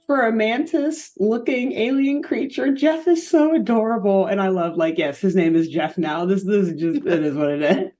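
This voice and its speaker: A woman co-hosting a podcast who recaps a cartoon in casual chat, animated and giggly. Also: mid-range voice, normal speed, hardly any pauses, soft background music. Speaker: podcast co-host.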